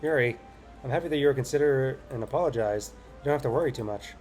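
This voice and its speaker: A man's voice: mid-range voice, quick pace, darkish tone, faint music behind. A man hosting a game playthrough, reading the story aloud and joking casually between scenes. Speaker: let's play host.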